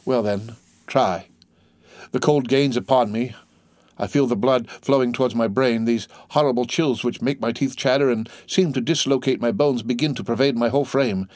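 A man's voice: mid-range voice, moderate pace, darkish tone, no room sound, lightly acted. A man voicing a frail, dying old priest who speaks faintly and at times in a whisper. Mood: weak, urgent.

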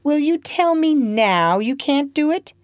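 A woman's voice: high voice, animated, extremely slow, no room sound, studio quality, voice pushed up, full character voice. A woman roaring as a cruel furious slave master. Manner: roaring, shouting.

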